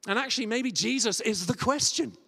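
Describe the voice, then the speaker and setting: A man preaching a sermon and telling stories, sometimes dropping to a soft near-whisper for quoted words. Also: very high voice, a little fast, creaky, slightly rough. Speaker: guest preacher. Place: large church. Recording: church hall reverb.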